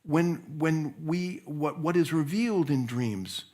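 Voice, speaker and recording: A man's voice: on the high side, lively intonation, takes it slowly, a little mellow. A man who is a pastor, preaching a sermon in a conversational, storytelling way, often restarting and repeating words.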